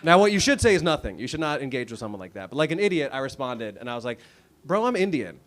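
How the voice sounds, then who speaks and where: Racing along in a medium-pitched, slightly bright and very animated voice, an American man in his thirties performs stand-up in a comedy club. He sounds wry, conversational and self-deprecating, with laughter from the audience behind him.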